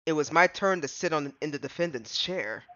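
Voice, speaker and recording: A man voicing a proud young prosecutor from a courtroom game, reading his lines in a low, measured way. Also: lively intonation, pushed and bright, no echo, muffled recording. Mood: solemn.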